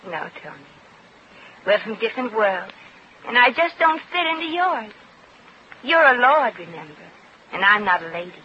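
A slangy, wisecracking American shop girl in a 1940s radio play, with a bright and forceful voice. The old recording sounds muffled and carries a faint hiss. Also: a little high, big pitch swings, normal speed, pauses often. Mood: wistful. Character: brash American shop girl posing as a lady. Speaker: lead actress.

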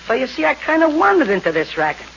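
A man voicing a dim-witted, lazy male stick-up man with a slow, self-pitying drawl, in 1930s radio comedy acting. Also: very high voice, huge pitch swings, fairly bright tone, a little hiss or hum, pitched above the performer's own voice, full character voice. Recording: lo-fi old radio recording.

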